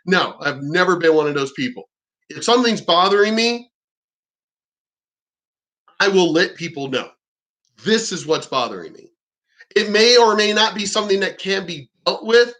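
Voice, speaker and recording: High, bright-voiced man ranting bluntly. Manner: blunt, profane and exasperated; rambling with frequent restarts. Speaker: vlogger. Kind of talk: unscripted ranting commentary.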